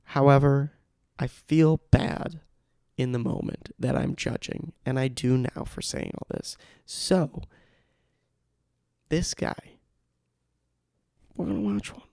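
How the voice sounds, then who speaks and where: Young male podcast host, self-mocking and rambling; gravelly, dry close mic. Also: medium pitch, lively intonation, takes it slowly, pauses often, mellow, no echo. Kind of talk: casual solo podcast talk. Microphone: studio microphone.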